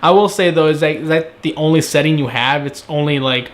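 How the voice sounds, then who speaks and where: A young man giving a casual solo review of a TV episode, talking conversationally and acting out characters' lines in quick asides. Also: a little high.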